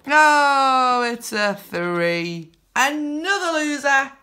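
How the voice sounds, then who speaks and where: A woman hosting a scratchcard video, counting numbers aloud in casual narration with bursts of excited whoops. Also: high voice, extremely slow, a little hiss or hum. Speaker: scratchcard channel host.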